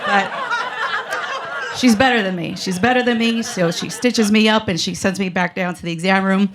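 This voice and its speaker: A woman's voice: mid-range voice, moderate pace, very noisy. A woman telling a comic personal story on a live stage, mouthy and self-mocking, with lots of fillers and laughter.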